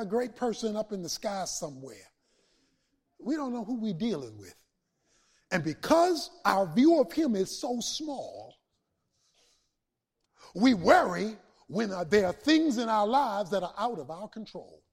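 A man a sermon to his congregation, building from steady talk to shouted peaks and back down. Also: high voice. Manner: preaching with swells to shouts and dramatic pauses. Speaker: pastor.

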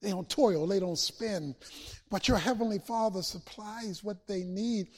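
A man a sermon to his congregation, building from steady talk to shouted peaks and back down. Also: high voice, breathy edge. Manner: preaching with swells to shouts and dramatic pauses. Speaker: pastor.

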